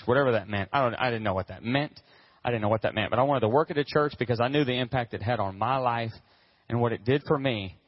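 Male pastor, sermon storyteller, animated, slightly husky, dull lo-fi sound. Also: medium pitch, dry recording. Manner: animated, acts out quotes, whoops with excitement.

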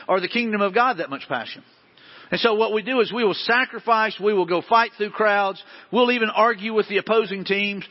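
A man's voice: high voice, husky, in a large hall, lo-fi sound. A man preaching a sermon as pastor in a church, earnest and repetitive as he pleads with the congregation. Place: church sanctuary.

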